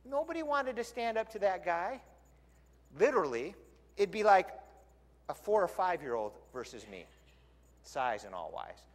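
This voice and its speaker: A male pastor preaching a sermon in a lively, conversational storytelling way, in a church sanctuary. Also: high voice, moderate pace, long pauses. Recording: long church hall reverb.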